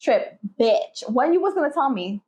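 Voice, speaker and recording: Laid-back woman telling stories, slightly high voice. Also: lively intonation, fairly quick. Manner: laid-back storyteller, swears casually. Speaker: podcast co-host. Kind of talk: casual chat. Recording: slightly muffled lo-fi audio.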